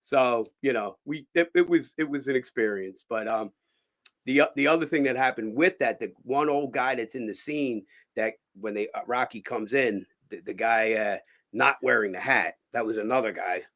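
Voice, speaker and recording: A man from Philadelphia, hosting a casual chat show, spins a long anecdote with a voice of middling pitch. He leans into every quoted line, switching voices and raising his volume for the punchlines. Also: moderate pace. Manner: animated storyteller, acts out quotes with loud impressions. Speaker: host. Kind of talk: storytelling chat.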